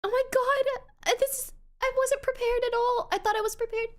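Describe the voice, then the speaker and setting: A woman's voice: extremely high pitch, steady tone, normal speed. A young adult woman streamer chatting casually with her live chat, crying and laughing as she thanks viewers. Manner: tearful, laughing between thank-yous to chat.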